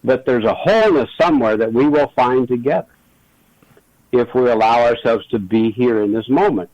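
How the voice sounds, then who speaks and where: Earnest storytelling man, pitched mid-range. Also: moderate pace, a little mellow, no echo, muffled recording. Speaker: regular guest. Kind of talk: reflective conversation.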